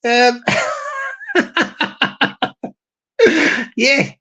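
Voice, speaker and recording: A woman's voice: on the high side, extremely slow, a bit bright. A woman hosting a casual live stream, chatting in a rambling way and laughing often while reading the chat. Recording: dull lo-fi stream audio.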